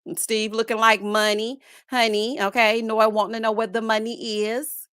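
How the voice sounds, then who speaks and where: A woman's voice: a little high, expressive, a little slow, sharp tone, no echo, clean studio sound. A woman hosting a casual live stream, greeting viewers one by one and making sassy, playful asides. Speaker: livestream host.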